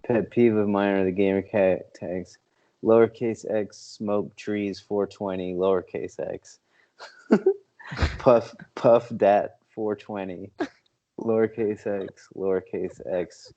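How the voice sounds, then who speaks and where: A man co-hosting a podcast in casual chat, reading items out in a deadpan, drawn-out way. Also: fairly low pitch, lo-fi sound. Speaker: podcast co-host.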